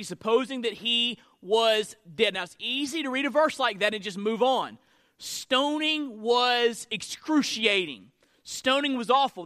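High-voiced, bright preaching man. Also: dry recording, clean studio sound. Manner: animated preaching, shifts between loud and soft delivery; asks the congregation questions. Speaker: pastor. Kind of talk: sermon.

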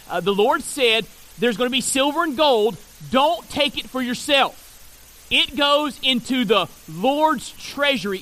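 A man preaching a sermon in a strikingly high voice. His tone is bright and forceful. He reads scripture passages and slows down to stress single words. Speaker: pastor.

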